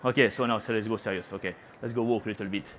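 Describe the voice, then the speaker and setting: A man's voice: fairly low pitch, steady tone, rapid-fire, a bit bright, slight background noise. A man from France with a French accent, a chef giving a chatty live cooking demonstration on a trade show stage, teasing the audience and slipping into French phrases.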